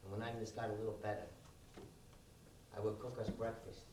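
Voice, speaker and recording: A man doing a soft-spoken elderly husband. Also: on the low side, level tone, moderate pace, voice pushed down, natural voice. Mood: tender, wistful. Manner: soft, quiet, wistful storytelling. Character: gentle elderly man fondly recalling his wife. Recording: echoey live room, distant mic, noisy.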